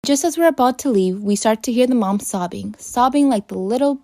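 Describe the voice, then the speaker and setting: A woman's voice: fairly high pitch, a little fast, mellow, no echo. Wry woman telling a storytime, dry sound. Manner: wry, swears for effect. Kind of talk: scripted storytime.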